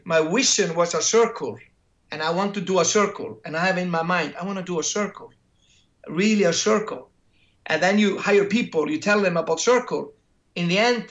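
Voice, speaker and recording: A man with a high voice shares lessons from his career in a relaxed interview. He acts out conversations and restarts and repeats phrases as he thinks. The recording sounds dull and lo-fi. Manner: acts out imagined dialogues, repeats words, restarts. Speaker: interviewee, creator and entrepreneur. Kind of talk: casual interview storytelling. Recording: dull lo-fi audio.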